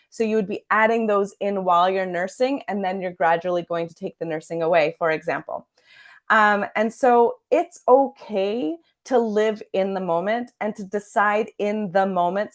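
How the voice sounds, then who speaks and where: A woman who is a parenting and sleep coach, teaching to camera in an earnest way and often checking in with "okay?". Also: medium pitch.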